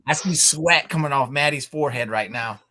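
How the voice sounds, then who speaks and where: Scottish guy calling the action on a watch-along, bright ringing voice, jokey. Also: fairly high pitch, a little fast, a little hiss or hum. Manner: joking, play-by-play calls. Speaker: podcast co-host. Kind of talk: live watch-along banter.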